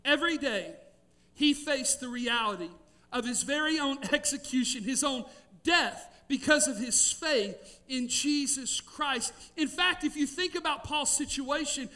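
A middle-aged man, preaching a sermon with emphatic, drawn-out key words and storytelling. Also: very high voice, pushed and bright, recorded from a distance. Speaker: pastor.

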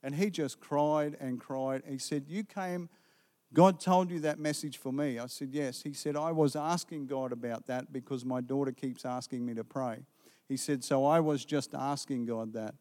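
A man's voice: medium pitch, moderate pace. A man preaching a sermon, earnestly retelling a conversation and its back-and-forth dialogue. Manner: earnest, retelling dialogue with lively quoted exchanges. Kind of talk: sermon testimony storytelling. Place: church sanctuary. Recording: long hall reverb.

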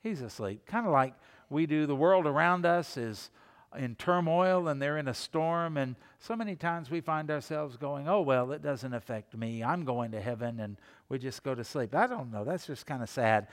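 A man preaching a sermon as pastor, expressive, repeating phrases and dropping his voice low and soft to stress a point. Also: normal speed. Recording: long reverb of a large hall.

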